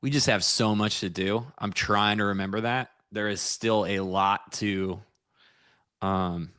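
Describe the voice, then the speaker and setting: A man's voice: on the low side, fairly even intonation, a little slow, fairly bright tone, clean tone, no echo, clean studio sound. A man co-hosting a live trading stream, chatting casually and laughing often. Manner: laughs often, playful and upbeat. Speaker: co-host and futures trader. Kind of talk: casual live-stream banter about trades. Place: studio.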